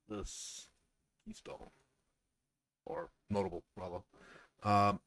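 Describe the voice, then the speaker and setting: A gaming video creator mutters to himself, joking and using lots of fillers while he checks his mic, then reads a casual script. His voice is on the low side.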